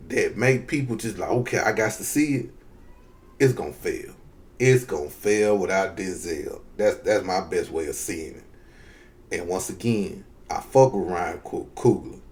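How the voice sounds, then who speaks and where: Southern guy venting his opinions to the camera, loose and cussing, mid pitch. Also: a little mellow. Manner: loose, conversational, profane, addresses viewers as y'all. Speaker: vlogger giving opinions. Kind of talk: casual opinion rant.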